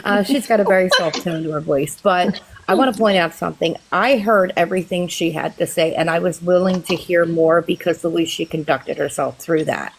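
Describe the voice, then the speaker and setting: A woman's voice: lowish voice, a little fast, gravelly, slight background noise, rough recording. A woman calling into a live stream, direct and opinionated as she makes her point. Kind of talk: casual live stream chat.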